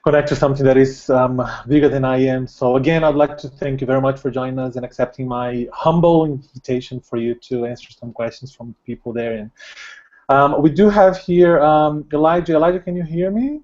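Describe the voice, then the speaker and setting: A man hosting a live question-and-answer session, speaking hesitantly with many pauses and ums. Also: medium pitch, fairly even intonation, a little mellow. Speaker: host. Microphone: video call. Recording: dull video-call audio.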